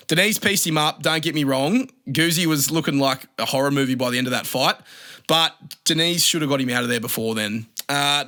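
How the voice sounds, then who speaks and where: A man's voice: mid-range voice, bright, forceful tone. A young Australian man hosting a casual fight-prediction show, talking in a blunt, sweary, joking way. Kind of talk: casual solo commentary.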